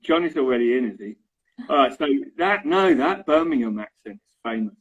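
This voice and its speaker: A man's voice: mid-range voice, expressive, fairly quick, husky. A middle-aged man with an Estuary English accent from London, chatting casually as an English teacher and checking in with "right?" and "okay?"; dull lo-fi recording. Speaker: English teacher, interview guest. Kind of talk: casual explanatory chat.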